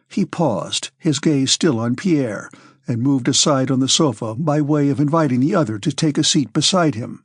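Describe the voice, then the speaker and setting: A male audiobook narrator reads a classic novel in a measured, steady way. His voice has a breathy, husky edge and sits in a middle pitch. The recording is dry and close-miked. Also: no echo.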